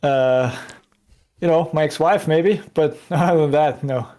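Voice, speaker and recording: A braggart soldier who cracks jokes and laughs at them himself, as a man puts him on. His voice rises high and carries. He keeps fishing for agreement from his mates. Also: measured pace, dark tone, lightly acted. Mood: jokey. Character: boastful joking male soldier.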